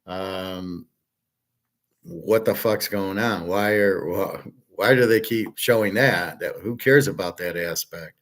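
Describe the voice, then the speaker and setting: A man's voice: sits low, takes it slowly. Blunt, opinionated man rambling. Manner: blunt, opinionated, with frequent fillers and restarts; mimics others in quoted asides. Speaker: host. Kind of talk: casual rambling monologue.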